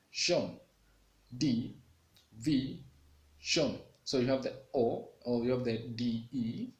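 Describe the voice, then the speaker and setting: A man giving an English lesson, saying example words slowly and repeating each one several times. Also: medium pitch. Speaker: English teacher. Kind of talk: classroom lesson. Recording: echoey room.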